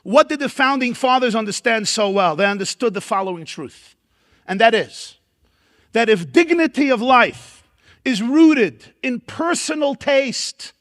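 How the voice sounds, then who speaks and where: A rabbi with a Brooklyn accent delivers a keynote lecture at an event hall. His voice sits high for a man, and he speaks in dramatic oratory, building emphatic repeated lists. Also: animated, a little slow, fairly bright tone. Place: large event hall at a dinner.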